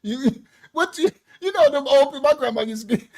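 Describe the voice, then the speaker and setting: Male bible teacher on a livestream, energetic, breaks into exclamations and loose colloquial asides. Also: very high-pitched, quick pace. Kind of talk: livestreamed scripture lesson. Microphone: own microphone.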